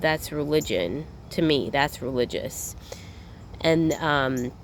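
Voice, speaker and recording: A woman's voice: low voice, a little mellow, slight background noise. A woman talking through a spiritual reflection in an earnest, meandering way, often repeating herself and restarting her phrases, and sometimes turning blunt. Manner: earnest, occasionally blunt and profane. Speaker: spiritual vlogger.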